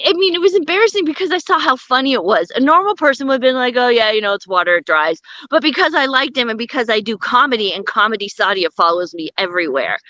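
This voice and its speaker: A woman stand-up comic telling bawdy stories as a guest in an interview, brash and animated. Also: high-pitched, no echo, highs cut off. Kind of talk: comedic storytelling in an interview.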